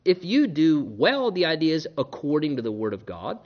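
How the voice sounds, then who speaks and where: A man preaching a sermon in an earnest, animated way, often repeating himself and restarting his sentences. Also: high voice, fairly quick, dull audio. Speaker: pastor.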